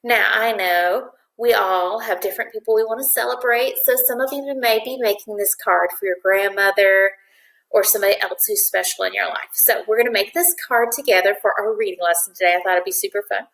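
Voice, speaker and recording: A woman teacher leading a video craft lesson for first graders, giving patient, clear step-by-step instructions. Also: medium pitch, a little fast, fairly bright tone. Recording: echoey room.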